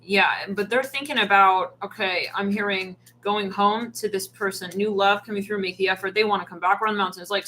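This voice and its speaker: A woman giving a channeled tarot reading, animated and acting out quoted voices as she goes. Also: mid-range voice, fairly quick, hardly any pauses, low-quality recording. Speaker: tarot reader.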